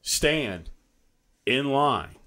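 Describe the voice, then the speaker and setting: A man's voice: mid-range voice, animated, very slow, pushed and bright. A man co-hosting a podcast in a studio, ranting crudely and heatedly with constant swearing. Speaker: podcast co-host. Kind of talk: casual chat, ranting.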